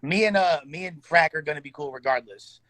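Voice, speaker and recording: A man's voice: fairly high pitch, brisk, crowd noise, poor audio. A man in casual podcast chat, slangy and profane, often stammering and restarting his sentences. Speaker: podcast co-host.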